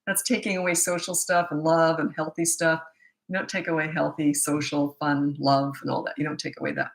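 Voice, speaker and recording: A woman's voice: low-pitched, little pitch movement, fairly quick, vocal fry. A middle-aged woman parenting coach answering questions bluntly, with no filter and a habit of laughing at herself. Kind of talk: live Q&A answering viewer questions.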